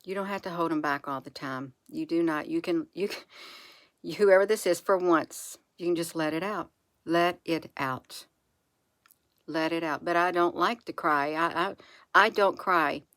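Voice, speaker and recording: Woman talking low and gentle to her viewers, repeats herself, slow and soothing, dry close sound. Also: dry recording. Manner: soft, repetitive, reassuring, with slow drawn-out phrases. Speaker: channel host. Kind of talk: encouraging spiritual monologue to camera.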